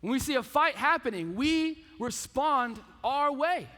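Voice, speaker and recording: Animated high-voiced man preaching in a hall. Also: measured pace. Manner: casual, animated storytelling with frequent asides. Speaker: youth pastor. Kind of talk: sermon. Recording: reverberant hall.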